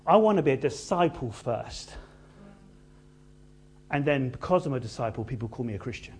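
A man preaching a sermon in an animated, conversational way with playful asides. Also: mid-range voice, moderate pace, a little hiss or hum.

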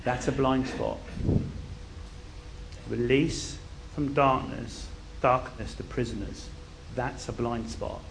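A man preaching a sermon, telling a Bible story in an animated way and dropping to a quiet intensity for key points. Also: mid-range voice, slow, vocal fry, a little hiss or hum.

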